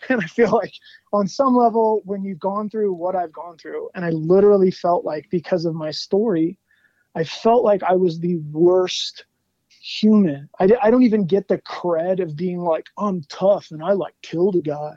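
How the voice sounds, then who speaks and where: A man guesting on an interview show, telling animated stories in a casual chat, laughing often and saying "like" a lot. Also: high-pitched, normal speed, no room sound, dull audio. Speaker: guest musician.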